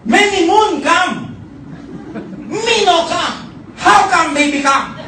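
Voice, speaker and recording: Man doing a shrill, outraged tribal chief. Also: takes it slowly, exaggerated voice. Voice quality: loud, strained, broken phrasing. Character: frantic newlywed male tribal chief. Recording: echoey hall, distant mic, noisy.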